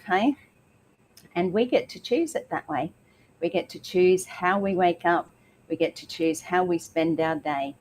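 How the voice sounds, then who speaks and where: A middle-aged woman with an Australian accent hosts a live online show, greeting viewers one by one in a chatty, filler-heavy way. Her voice sits fairly low for a woman and carries a slight tickle in the throat. A faint hiss of background noise runs underneath. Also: low-quality recording. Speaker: livestream host. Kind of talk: upbeat live show welcome.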